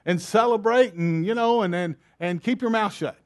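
A man's voice: high-pitched, normal speed. A man preaching a sermon, emphatic and repetitive, firing rhetorical questions at his congregation.

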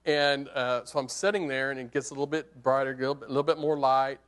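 A man preaching, telling a hunting story as a sermon illustration in an animated, conversational way that swings from hushed to excited. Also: medium pitch, fast talker.

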